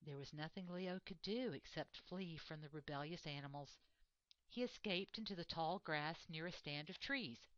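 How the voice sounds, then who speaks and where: A woman reading a children's storybook aloud in an expressive, measured way. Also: sits low, no room sound. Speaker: reader. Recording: dull lo-fi dry recording.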